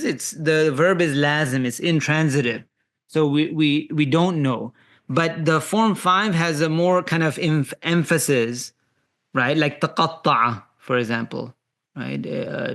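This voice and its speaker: A man teaching an online class on verb forms, explaining patiently with examples and pausing often with fillers and restarts. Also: medium pitch, vocal fry, fairly bright tone. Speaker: Arabic teacher. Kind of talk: live online grammar class.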